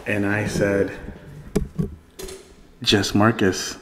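A man telling a story in casual chat, profane and animated, often breaking into laughter. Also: on the low side, very slow. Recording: echoey room, faint noise.

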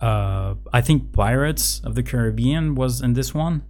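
A father chatting casually, halting often with fillers and restarts. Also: medium pitch, a little mellow. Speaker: parent, podcast co-host. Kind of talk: casual chat.

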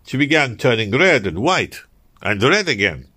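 A man's voice: medium pitch, very animated, normal speed, pushed and bright, slightly rough. A man reading an audiobook, telling a first-person tale in a theatrical way and turning to address his listeners. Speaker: audiobook narrator.

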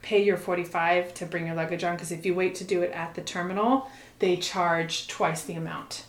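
A woman's voice: lowish voice, moderate pace. A woman casually telling a funny travel story in a chat, quoting people as she goes. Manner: animated storytelling, swears, quotes people. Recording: roomy echo.

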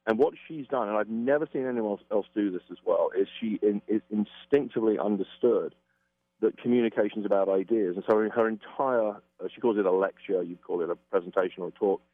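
A man's voice: on the low side, brisk, dry recording. A man explaining communication as an interview guest, emphatic and acting out quoted reactions. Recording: tinny phone-line sound.

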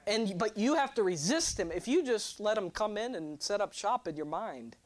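A young man preaching a sermon, animated and joking, drawing responses from his congregation. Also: high-pitched, normal speed. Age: 20s. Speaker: pastor.

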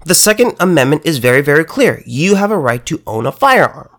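A political commentator delivers a heated, sarcastic monologue with a lively, swinging pitch. The voice is emphatic and keeps tripping over itself, repeating words before pushing the point home. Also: a little fast, hardly any pauses. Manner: emphatic and sarcastic, with frequent stammered restarts.

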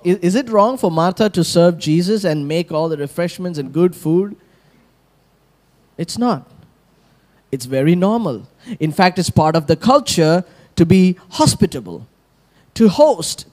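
A male pastor preaches in an unhurried, deliberate rhythm. His voice sits high and swoops widely as he animates scripture and calls for responses from the congregation. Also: animated, a little mellow. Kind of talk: sermon.

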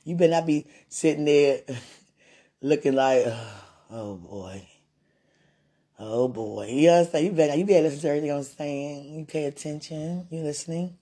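A woman in a casual, rambling monologue, playful and laughing often, swinging from loud bursts to soft murmurs. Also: deep voice, steady tone, a little fast.

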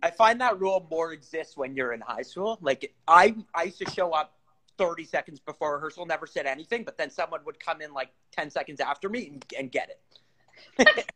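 A man's voice: fairly high pitch, lively intonation, fairly quick, sharp tone. A man, a stage actor and podcast guest, chatting casually, laughing often and restarting his sentences. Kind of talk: casual chat.

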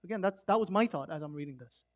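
High-voiced man preaching casually. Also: lively intonation, fast talker, muffled recording. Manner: conversational, emphatic with swings from loud to hushed. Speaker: pastor. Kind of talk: sermon.

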